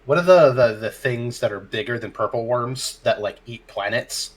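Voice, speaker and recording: A man's voice: mid-range voice, moderate pace. A man, a dungeon master, telling a tabletop game story in casual chat, acting out his players' lines and laughing often.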